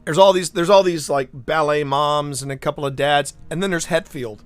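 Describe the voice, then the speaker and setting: A man's voice: on the high side, moderate pace, dry recording, faint music behind. A man streaming live, chatting casually and telling stories with lots of restarts and asides. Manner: animated storyteller, rambling with restarts. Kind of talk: casual livestream chat.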